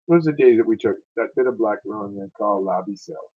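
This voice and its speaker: A man's voice: fairly low pitch, fairly quick, warm tone, husky, dull audio. A man reading narrative verse aloud and chatting afterward, in a loose, stumbling way, often correcting himself. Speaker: amateur poetry reader.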